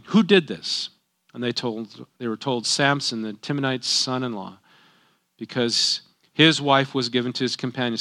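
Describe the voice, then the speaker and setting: A man's voice: medium pitch, bright, forceful tone. A middle-aged man reading a Bible passage aloud and breaking in with casual, folksy comments as a teacher. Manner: reads scripture then breaks in with folksy asides.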